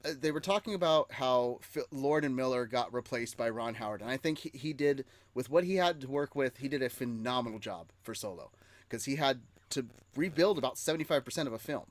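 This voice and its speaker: A man's voice: mid-range voice, lively intonation, fairly quick, dry recording. A man hosting a casual nerd-news podcast, chatty and reading chat comments aloud. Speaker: podcast host.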